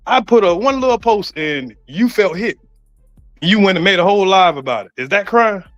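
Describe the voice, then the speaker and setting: A man with a somewhat high voice argues sarcastically, mocking the other man and repeating his points. The sound is dull and lo-fi, with faint music underneath. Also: lively intonation, normal speed, fairly bright tone. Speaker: online content creator. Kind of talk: heated casual argument.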